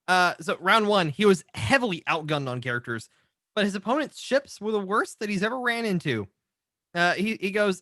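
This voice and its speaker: A man co-hosting a casual game-stats show, reading results with animated, teasing banter. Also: high-pitched, dry recording, studio quality. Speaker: co-host.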